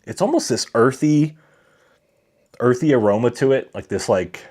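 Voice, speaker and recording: A man's voice: mid-range voice, lively intonation, normal speed, a little mellow. A man hosting a casual whiskey livestream, chatting with viewers and reading their comments aloud. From Colorado.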